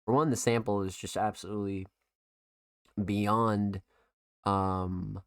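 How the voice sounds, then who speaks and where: A man's voice: on the low side, fairly even intonation, slow, clean tone, no echo, clean studio sound. A young man hosting a podcast, giving a casual, profane music review full of fillers. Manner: profane, filler-heavy, enthusiastic.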